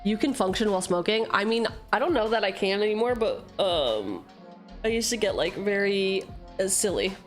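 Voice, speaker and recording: A woman's voice: medium pitch, moderate pace, faint music behind. Sarcastic woman opening card packs. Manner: profane, sarcastic, animated. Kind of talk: casual streaming chat.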